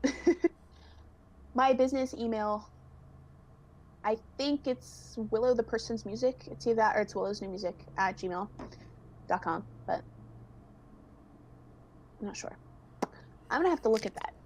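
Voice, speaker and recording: Chatty young woman, slightly high voice. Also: measured pace, long pauses, darkish tone, slight background noise. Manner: chatty and giggly, fills speech with "like". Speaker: guest singer. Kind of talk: casual chat. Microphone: video call.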